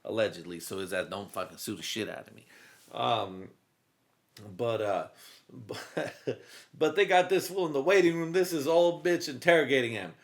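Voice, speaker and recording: Male comedy podcast host, mid-pitched, rambling and profane, casual storytelling. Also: normal speed. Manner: profane, rambling, trailing off into fillers.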